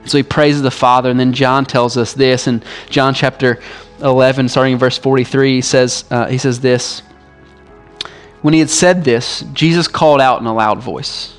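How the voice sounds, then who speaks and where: A male pastor delivering a sermon in a relaxed, conversational way, often dropping in "like" as he speaks. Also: medium pitch, normal speed, faint music behind. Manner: casual, conversational preaching with frequent "like".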